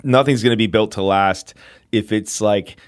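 A man as an interview guest, chatting in an animated way and telling a personal story with lots of fillers. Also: on the low side, normal speed. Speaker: guest telling how he met his wife. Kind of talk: casual storytelling.

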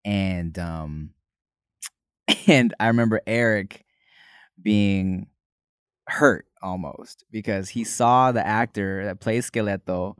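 A man's voice: fairly low pitch, slow pace, pauses often, clean tone, dry recording, clean studio sound. A man co-hosting a podcast, telling loose, filler-heavy stories in casual chat. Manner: rambling storyteller, many fillers, laughs often. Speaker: podcast co-host.

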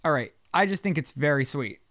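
A man co-hosting a podcast in casual chat, teasing his friend in a dry, deadpan way. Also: fairly high pitch, fairly quick, dry recording. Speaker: podcast co-host.

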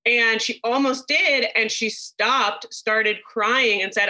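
Woman, 30s, parenting expert, bright, slightly high voice, emphatic and eager. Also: fairly even intonation, slow, few pauses, rough recording. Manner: emphatic, enthusiastic. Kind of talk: casual podcast chat.

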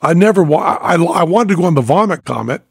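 An older man tells a story on his podcast with a gravelly, husky voice. He is animated and swings from hushed asides to near-shouting. The sound is dry and close to the mic. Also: a little high, fast, dry recording. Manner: animated, swings from quiet to near-shouting when acting out panic. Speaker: podcast host, magician and comedian.

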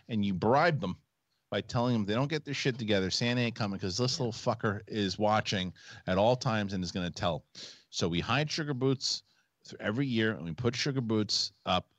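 A man's voice: mid-range voice, dry recording. A man in his forties hosting a casual comedic chat show, telling family stories with lots of swearing and acted-out quotes. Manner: animated storyteller, swears freely, acts out quotes. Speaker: podcast host.

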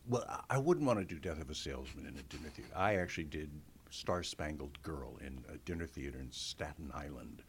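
A man's voice: very deep voice, expressive, brisk, hardly any pauses, slight background noise. A man, a guest actor in a conversational interview, telling stories animatedly, acting out quotes and laughing often.

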